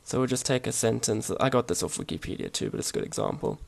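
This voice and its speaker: Gravelly and mid-pitched, a man teaching a language in a casual homemade lesson stumbles along hesitantly. He stays relaxed, but his speech is full of fillers and restarts.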